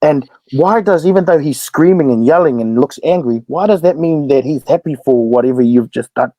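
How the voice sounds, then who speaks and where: A young man with a New Zealand accent, a podcast guest telling stories in an animated, fast-talking way. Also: fairly high pitch, dry recording, rough recording. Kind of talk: casual storytelling.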